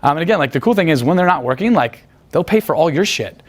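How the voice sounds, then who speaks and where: A man's voice: on the high side, lively intonation, fast talker. A man telling crude, boastful, rambling stories full of profanity in a casual interview. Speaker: guest talking about picking up women.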